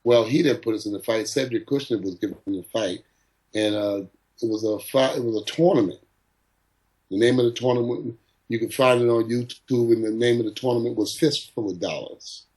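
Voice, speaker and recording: In an interview, a middle-aged man who trains boxers tells stories and takes on the voices of those he quotes. He speaks a little fast in a medium-pitched, a little mellow voice, and the recording is rough.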